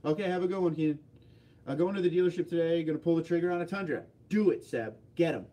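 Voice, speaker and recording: A man hosts a relaxed livestream, reading out viewer comments and tossing back quick, offhand answers. His voice sits a touch high for a man, with a warm, mellow tone. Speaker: livestream host. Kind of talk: casual livestream chat.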